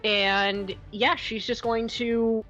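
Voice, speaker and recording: A woman playing a tabletop game talks through her turn, rambling and unsure, often breaking into laughs. Her voice sits a little high. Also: level tone, slow, fairly bright tone, dull audio, soft background music. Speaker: player. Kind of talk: casual tabletop play.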